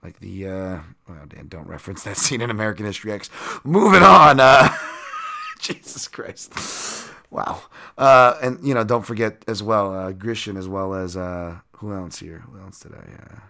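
A man's voice: deep voice, normal speed, creaky, bright, forceful tone. A man hosting a solo podcast, talking casually and rambling with lots of fillers and self-mocking asides. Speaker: podcast host and betting analyst.

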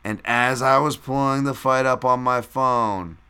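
A man's voice: medium pitch, steady tone, unhurried, bright, forceful tone, clear, resonant tone. A man hosting a podcast in a loose, rambling live-stream recap, reading out chat and swearing casually. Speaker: podcast host.

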